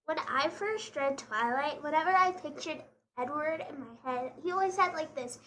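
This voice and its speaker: Bright high-voiced gushing woman host. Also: normal speed. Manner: gushing, excitable. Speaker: podcast host. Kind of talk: casual chat.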